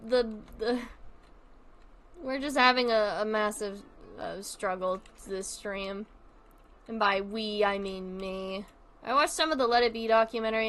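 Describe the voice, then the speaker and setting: Bright, chatty woman game streamer. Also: a little high. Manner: rambling and chatty, often trailing off and restarting; swears casually. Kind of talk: casual chat while playing a zoo-building game.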